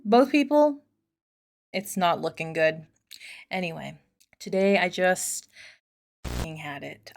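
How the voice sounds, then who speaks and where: A woman reads online stories aloud, then breaks off to comment. Her voice is middle-pitched and conversational. She swears freely and wanders into chatty asides. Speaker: host reading and reacting to online posts. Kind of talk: casual commentary and reading aloud.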